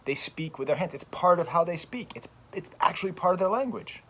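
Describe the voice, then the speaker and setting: An American man, a French professor hosting his own channel, delivering an animated, emphatic opinion rant outdoors, often repeating phrases. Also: sits high, fairly quick.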